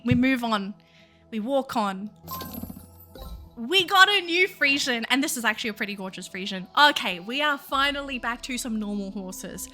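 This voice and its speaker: An excitable woman with a very high, bright voice, gushing to her viewers as she plays a game. She speaks at an unhurried pace. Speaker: VTuber game video host. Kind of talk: game video commentary.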